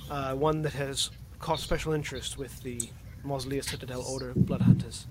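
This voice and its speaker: A man voicing a grave male blood hunter, speaking slowly and ominously. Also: mid-range voice, steady tone, very noisy, pitched below the performer's own voice, lightly acted.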